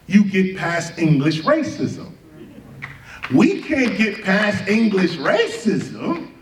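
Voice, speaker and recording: A man's voice: high-pitched, sing-song, slow, recorded from a distance. Emphatic man lecturing in an echoey hall. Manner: rhetorical questioning, emphatic, spells words out letter by letter. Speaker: keynote lecturer. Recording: echoey hall recorded from afar, faint noise.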